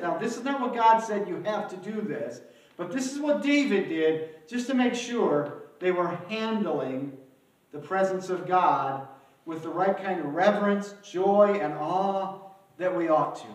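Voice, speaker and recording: A male pastor preaching a sermon in a church, with dramatic swings between loud outbursts and hushed emphasis. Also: high voice, far from the mic. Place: church, alone without live audience. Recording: very echoey room, voice from afar.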